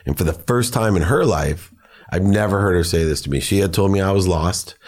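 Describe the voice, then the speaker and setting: A middle-aged man appearing as a podcast guest tells personal stories earnestly and with emotion. He has a deep voice and talks a little fast.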